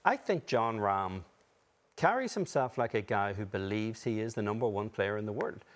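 A man with a low voice gives golf analysis in measured, articulate sentences. He has a wry edge. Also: animated. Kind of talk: broadcast analysis.

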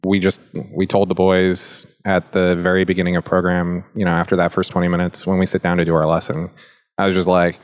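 A man with a very low voice talks in a relaxed, loose way, full of "like" fillers. His delivery stays steady and flat as he poses open questions to his co-hosts in an easygoing conversation. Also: brisk. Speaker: podcast co-host and youth mentor. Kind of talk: casual discussion.

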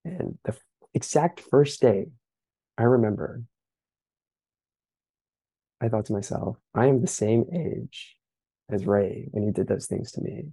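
A young man, the guest of an interview, telling his story in an earnest, reflective way, pausing often with fillers. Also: lowish voice, vocal fry, mellow, slightly rough, dry recording, poor audio. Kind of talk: candid personal account.

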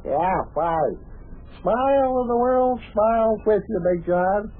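Rambling jolly pal, high-pitched, husky, chuckling, folksy, old radio play, tinny band. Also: male voice, lively intonation, slow, exaggerated voice. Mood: cheery. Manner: chuckling, long-winded, folksy. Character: rambling jolly male pal telling tall tales.

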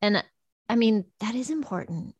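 A woman's voice: mid-range voice, animated, normal speed, slightly rough, dry recording, lo-fi sound. A woman hosting a podcast, interviewing a guest and then summing up, encouraging and enthusiastic. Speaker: podcast host. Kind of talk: interview and host wrap-up.

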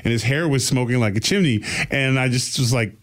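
A man telling a long story in a casual, animated way, with voices for the people he quotes. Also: mid-range voice, brisk. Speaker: podcast guest telling a story.

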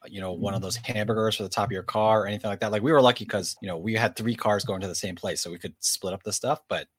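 Deep husky-voiced man on a podcast. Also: fairly even intonation, fast. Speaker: podcast co-host. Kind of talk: casual podcast chat.

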